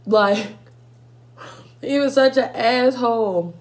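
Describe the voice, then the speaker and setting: Young woman vlogger, higher voice, animated and profane, chatty storyteller who talks straight to her viewers. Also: moderate pace. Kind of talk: casual storytime while eating.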